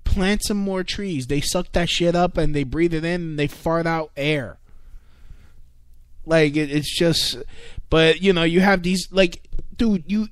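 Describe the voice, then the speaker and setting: A podcast host with a voice on the high side rants on his casual online radio show, swearing a lot and rambling through fillers, stumbles, and restarts in a comedic way. The recording is dry and studio quality.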